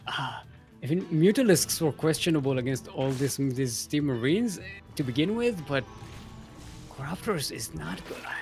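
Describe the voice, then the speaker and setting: Male game caster, live commentary, chatty, filler-heavy, animated pitch. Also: normal speed, faint music behind. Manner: chatty, self-mocking, trailing fillers. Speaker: esports caster.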